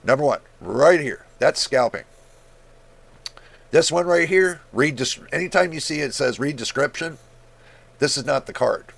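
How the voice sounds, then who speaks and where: Exasperated gravelly man ranting casually. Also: a little high, lively intonation, normal speed, fairly bright tone. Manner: exasperated, incredulous, blunt with swearing. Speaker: tech YouTuber. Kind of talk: casual screen-share rant.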